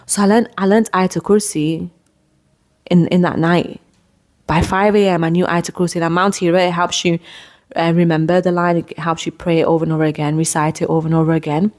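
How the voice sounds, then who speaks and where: A young woman tells her own story on her podcast, earnest and emotional, often stopping to restart a sentence. Her voice sits a little low for a woman, and she talks in a personal storytelling way. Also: steady tone. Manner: emotional, earnest, quick restarts and repeated words. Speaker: podcast host.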